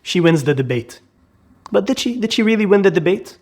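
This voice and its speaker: A man's voice: high-pitched, lively intonation, brisk, background noise. A man explaining an idea emphatically, asking rhetorical questions and repeating key words for stress. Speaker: educator. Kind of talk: explanatory commentary.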